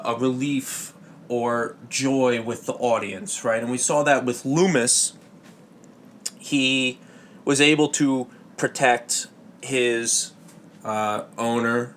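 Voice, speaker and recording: Slow, rambling comedy podcast guy. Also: medium pitch, a bit bright, a little hiss or hum. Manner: halting, full of fillers and restarts, jokey asides. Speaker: podcast host.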